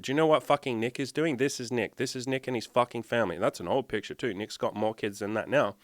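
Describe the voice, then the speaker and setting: Sharing his screen and speaking into a desktop microphone, this man, a dating and life coach, rants with fiery, blunt motivation and swears nonstop. He talks quickly with few pauses in a medium-pitched voice, and the recording is dry.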